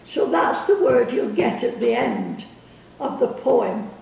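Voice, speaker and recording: An older woman telling family stories in a halting, chuckling way, losing her thread now and then. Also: on the high side, huge pitch swings, gravelly, a little mellow, a little hiss or hum. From England. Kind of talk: casual storytelling. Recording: echoey room from a distance.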